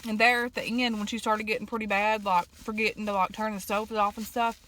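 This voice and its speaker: A woman, chatting casually and telling family stories in an eat-with-me vlog, folksy, with fillers and throat clearing. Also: medium pitch, flat delivery, fairly quick, fairly bright tone, slight background noise. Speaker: vlogger.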